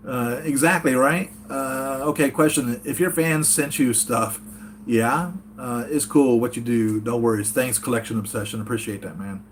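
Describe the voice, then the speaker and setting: A man's voice: medium pitch, normal speed, slight background noise. A man from the United States hosting a casual live-chat vlog from his home, rambling earnestly and reading chat comments aloud. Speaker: toy collector channel host.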